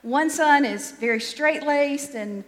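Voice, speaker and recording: A woman's voice: high-pitched, slow pace, long reverb tail. A woman pastor giving a sermon in a conversational, self-deprecating way, often restarting her sentences.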